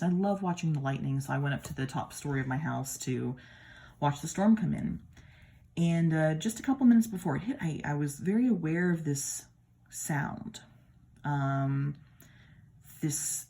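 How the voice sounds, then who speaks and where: A woman's voice: low-pitched, moderate pace, dark tone. A woman from the American Midwest with a Midwestern accent, chatting casually and admiringly as she compares tarot decks at home. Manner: chatty, admiring, with playful asides. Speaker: tarot deck reviewer. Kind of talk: casual deck comparison talk.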